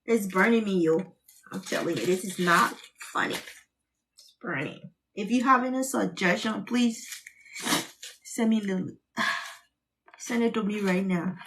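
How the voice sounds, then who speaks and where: A woman's voice: medium pitch, a little slow, long pauses, fairly bright tone, distant mic, a little hiss or hum. A woman from Liberia chatting casually while cooking, teary-eyed and sighing from cutting onions as she greets viewers. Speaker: cooking channel host.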